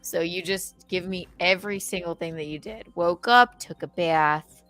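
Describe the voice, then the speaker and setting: A woman's voice: lowish voice, moderate pace, a bit bright, faint music behind. A young woman hosting a casual podcast chat, telling a story with lots of swearing and acting out the quoted phone calls. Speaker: podcast host.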